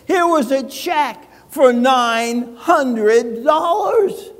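An older man pastor delivering a sermon, telling a personal story with humor and dramatic pauses. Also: very high voice, expressive, big-room sound.

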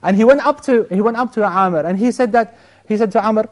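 A man teaches an Islamic lesson by retelling an old story, talking animatedly in a high voice. He restarts phrases often and mixes in Arabic words. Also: animated, a little fast, darkish tone.

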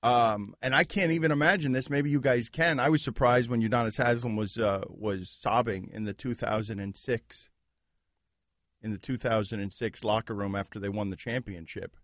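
A man's voice: medium pitch, fairly even intonation, normal speed, a bit bright, no echo, studio quality. Man hosting sports talk radio. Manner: steers the talk, mock-stern. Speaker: show host.

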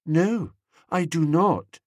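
A man's voice: on the high side, animated, slow, no room sound, studio quality. A man voicing a stern, disbelieving man who answers curtly.

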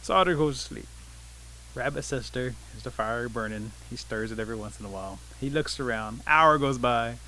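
A man telling an animal folk tale in English, setting each scene in a relaxed, vivid way. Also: mid-range voice, brisk, slight background noise, poor audio. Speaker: storyteller.

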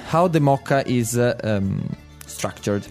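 A man with an Italian accent, a native Italian speaker co-hosting a casual language podcast, jokey and self-mocking, with halting fillers. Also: mid-range voice, lively intonation, a little mellow, soft background music. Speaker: co-host and native-speaker teacher.

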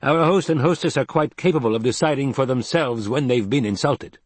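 A man voicing a cold, scholarly male ecologist who speaks in a calm, lecturing way. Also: mid-range voice, a little fast, husky, no echo, pitched above the performer's own voice, natural voice. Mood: cool, challenging.

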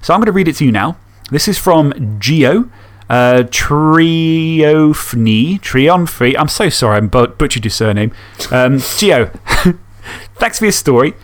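A man's voice: a little high, animated, unhurried. A man hosting a podcast, reading fan stories and chatting enthusiastically, swearing casually. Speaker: podcast host.

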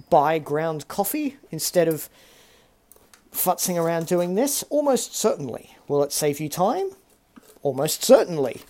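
A man's voice: a little high, darkish tone. A man hosting a casual solo podcast, talking in a chatty, self-deprecating way full of rambling asides. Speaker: podcast host.

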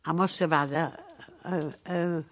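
An actress playing a sharp-tongued, ninety-five-year-old woman in a care home, telling her story in a dry, deadpan, wry way with a Northern English accent. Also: sits low, a little slow. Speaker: monologue character. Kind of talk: dramatic monologue.

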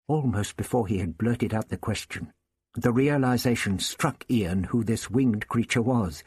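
A man reading a science-fiction story aloud in a deliberate, expressive way. His delivery is slow with a lively, rising and falling pitch. The voice is husky and recorded dry. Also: no room sound. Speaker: audiobook reader. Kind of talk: scripted narration.

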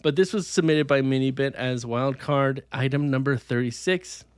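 A man's voice: mid-range voice, fairly even intonation, normal speed, smooth, dry recording, studio quality. A man co-hosting a podcast over video call, playfully reading a gamebook aloud and laughing often. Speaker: podcast co-host.

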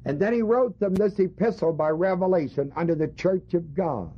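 Husky-voiced male preacher teaching scripture. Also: high voice, moderate pace. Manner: emphatic teaching with rhetorical questions to the congregation. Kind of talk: sermon. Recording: dull lo-fi recording.

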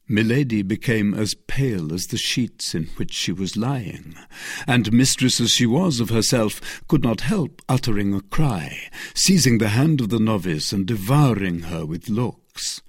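A narrator reading a classic novel aloud in a measured, unhurried way. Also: medium pitch, animated, husky, no room sound, studio quality. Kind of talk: storybook reading.

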